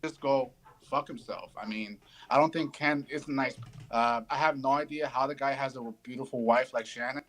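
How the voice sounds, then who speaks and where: A man's voice: mid-range voice, moderate pace, a bit bright. A man calling in to a live show, speaking bluntly with some hesitation. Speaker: caller. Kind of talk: casual call-in chat.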